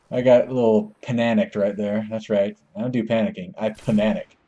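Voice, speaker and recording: A man talking over his online shooter matches, joking and rambling between rounds. He has a mellow, slightly husky voice that jumps into excitable yelps when the action heats up. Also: on the low side, a little slow. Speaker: gaming channel host. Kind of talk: gameplay commentary.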